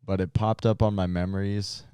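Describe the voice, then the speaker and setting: A man's voice: deep voice, flat delivery, brisk, mellow, clear, resonant tone, no echo. A young man co-hosting a podcast, chiming in with profane jokes in casual chat. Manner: joking, profane interjections. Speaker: podcast co-host.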